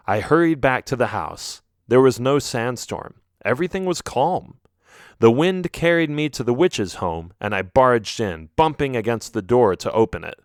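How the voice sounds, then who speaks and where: A man reading a children's ghost story aloud as an audiobook narrator, telling it in an expressive storytelling manner. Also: medium pitch, moderate pace, clear, resonant tone, no room sound, clean studio sound. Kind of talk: scripted narration.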